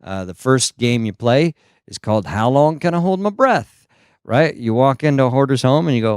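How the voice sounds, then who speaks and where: A man's voice: mid-range voice, lively intonation, moderate pace, darkish tone, clean tone, no echo, studio quality. A male stand-up comedian telling rambling, self-deprecating stories with lots of "uh" asides. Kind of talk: stand-up storytelling.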